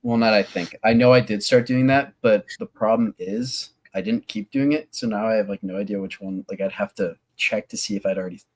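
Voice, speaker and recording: A man's voice: on the low side, steady tone, fairly quick, hardly any pauses. A man co-hosting a movie podcast, chatting casually with a hesitant, self-deprecating manner. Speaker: podcast co-host. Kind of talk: casual chat.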